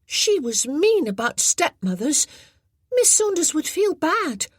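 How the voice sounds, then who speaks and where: A small boy with a sly streak, his voice high and bouncing up and down, put on by a woman reading a storybook. He asks short, innocent-sounding questions slowly. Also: big pitch swings, dry recording, studio quality, heavily acted. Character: small, curious, scheming little boy.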